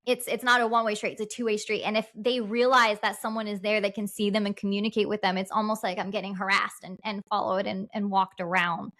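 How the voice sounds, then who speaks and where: A woman's voice: mid-range voice, flat delivery, fast talker, hardly any pauses, fairly bright tone. A woman with a mid-range voice talks casually as a podcast guest. She tells her experiences earnestly and plainly, often restarting her sentences. Her tone stays conversational and direct. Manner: earnest, matter-of-fact storytelling with restarts. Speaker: paranormal investigator guest.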